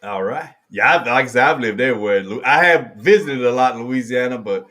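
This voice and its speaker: A man's voice: medium pitch, fairly quick, sharp tone. A man with a Southern US accent hosting a live stream, chatting casually, laughing often and repeating his phrases. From American South. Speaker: host.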